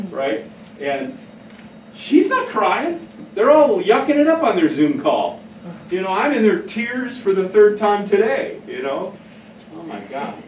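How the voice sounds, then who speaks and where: A middle-aged man who speaks on behavioral care gives a casual talk to an audience, telling stories in an animated, chatty way and laughing often. His slightly high voice echoes in a roomy hall, picked up from some distance with a faint hum behind him.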